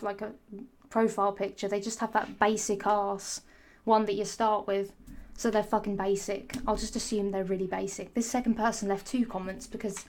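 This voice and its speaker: A woman's voice: medium pitch, darkish tone. A young woman, ranting into the camera in a sarcastic, sassy, rambling way and swearing freely. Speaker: vlogger. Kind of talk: ranting casual monologue.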